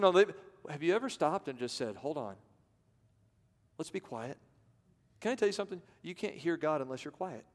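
A man pastor preaching a sermon, swinging from loud to hushed and acting out voices. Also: on the high side, very animated, brisk, pauses often. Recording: long reverb of a large hall.

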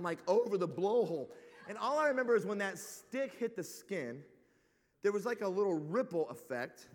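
High-voiced man preaching in a big hall. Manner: animated, rambling, filler "like". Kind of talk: comic storytelling sermon.

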